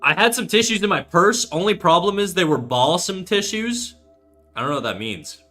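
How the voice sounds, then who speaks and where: A man in his thirties with a fairly high, bright voice. He talks as a laid-back, foul-mouthed livestream host reading out chat, with faint music playing behind him. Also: expressive, normal speed. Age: 30s. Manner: profane, laid-back, reads chat aloud. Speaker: art livestreamer.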